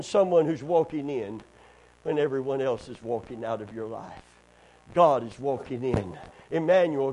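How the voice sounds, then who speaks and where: A middle-aged man preaching a sermon, rising to loud high cries and dropping to quiet low asides. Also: rough recording. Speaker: pastor.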